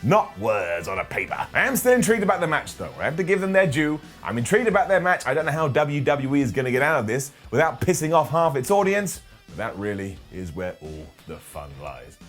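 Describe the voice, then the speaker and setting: A man's voice: fairly high pitch, very animated, brisk, a bit bright, soft background music. A man reviewing a wrestling show in casual commentary, full of sarcastic, joking asides. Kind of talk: casual comedic video commentary.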